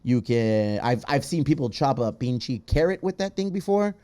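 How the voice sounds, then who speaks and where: A man hosting a podcast in casual chat, reading out patron names in a loud, playful way with plenty of swearing. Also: medium pitch, animated, moderate pace. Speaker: podcast host.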